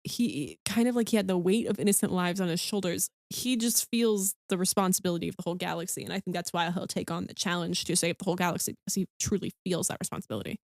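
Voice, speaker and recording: A woman's voice: lowish voice, steady tone, quick pace, gravelly, few pauses, no echo, clean studio sound. A young adult woman co-hosting a casual book podcast, earnest and emotional, with many fillers and a tearful edge. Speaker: podcast co-host.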